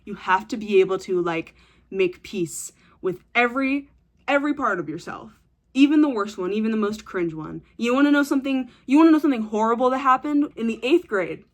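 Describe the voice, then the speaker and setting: A woman's voice: fairly high pitch, expressive, brisk. A young woman vlogging casual advice to camera, blunt and teasing, swearing freely and retelling stories with dramatic flair.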